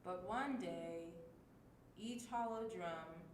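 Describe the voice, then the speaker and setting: A woman's voice: lowish voice, takes it slowly, reverberant, slight background noise, voice pushed down. A woman reciting a short children's poem with exaggerated emotion as a demonstration. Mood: sad, hopeless. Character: woman reciting a poem in sad, angry, then excited tones.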